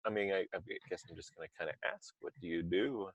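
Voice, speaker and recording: A man's voice: sits low, fast. A man hosting a podcast in casual chat, talking loosely with asides and restarts over a remote call microphone. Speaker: podcast host.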